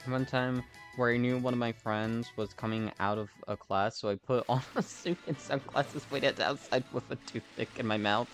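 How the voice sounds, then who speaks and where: A man's voice: mid-range voice, steady tone, normal speed, hardly any pauses, rough recording. Playful rambling young man streamer. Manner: rambling and playful, chuckling between stories. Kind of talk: casual live-stream chat. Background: background music.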